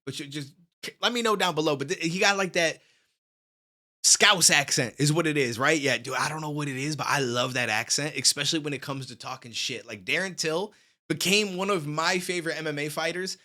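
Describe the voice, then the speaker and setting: A man with a high-ish, sharp-toned voice hosts a reaction video at a brisk pace, chatting casually and energetically with lots of slang. He records on a studio microphone in his home studio.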